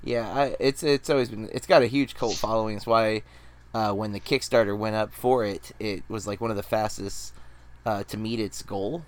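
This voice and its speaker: Rambling low-voiced podcast host man. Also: fairly even intonation, moderate pace. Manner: rambling, many fillers and restarts. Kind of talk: casual podcast chat.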